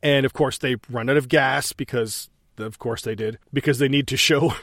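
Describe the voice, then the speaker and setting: A man's voice: mid-range voice, steady tone, moderate pace, a bit bright, no room sound, studio quality. A man co-hosting a casual movie podcast, laughing often and swearing as he retells and acts out scenes. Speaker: podcast co-host. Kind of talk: casual movie commentary chat.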